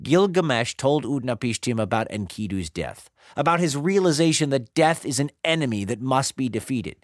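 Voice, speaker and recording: A man narrating a myth as a story, in an expressive, dramatic way. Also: medium pitch, normal speed, no room sound. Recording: dry close sound with faint music.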